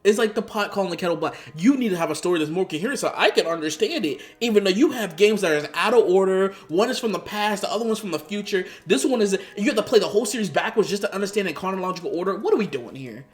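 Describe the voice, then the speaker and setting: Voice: mid-range voice, expressive, fast, few pauses. A vlogger giving ranting commentary, exasperated and profane, firing off rhetorical questions. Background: faint background music.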